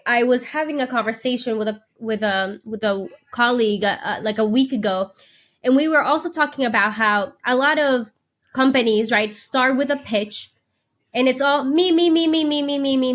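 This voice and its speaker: A woman's voice: on the high side, fairly bright tone. Affirming woman podcast host. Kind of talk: interview conversation.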